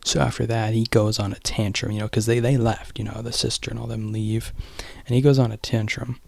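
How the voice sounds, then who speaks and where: A man's voice: lowish voice, level tone, a little fast, vocal fry, darkish tone, raised voice, a little hiss or hum. A young man casually rambling through a movie recap, restarting often and sometimes dropping to a whisper. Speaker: vlogger.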